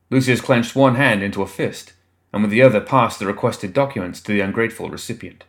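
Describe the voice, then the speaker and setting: Low-voiced man narrating an audiobook. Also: a little fast.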